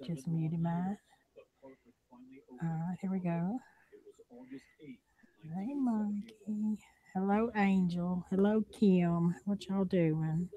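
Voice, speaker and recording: A woman's voice: on the low side, very slow, pauses often, warm tone, highs cut off. A woman with a Southern accent, hosting a casual livestream chat from home, talking in a loose, drawling way and laughing often. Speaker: livestream host.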